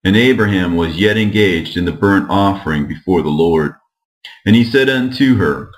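A man narrating an old religious text in a measured, steady reading. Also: sits low, poor audio. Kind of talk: scripture reading.

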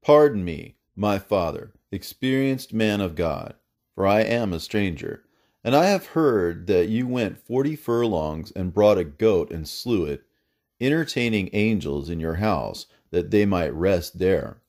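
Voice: a man voicing a humble male archangel. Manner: earnest, pleading, rising and falling. Pitch: low. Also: expressive, a little slow, darkish tone.

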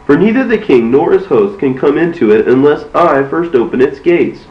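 A man reading the words of God with a solemn, measured delivery, in a roomy, dull recording from a distance. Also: a little high, animated, lightly acted. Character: the Lord, commanding male divine voice.

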